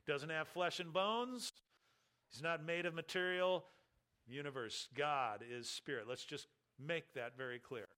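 A man preaching a sermon as pastor, emphatic, slowing down to stress key phrases. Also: on the high side, bright, forceful tone.

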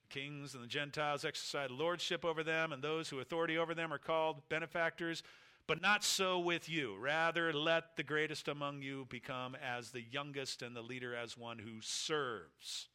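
A man delivers an expository sermon in a very bright, ringing voice that sits a little high. He is emphatic, swinging between loud climbs and hushed drops, and he voices the disciples' thoughts as he quotes scripture. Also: steady tone, moderate pace, smooth. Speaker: preacher.

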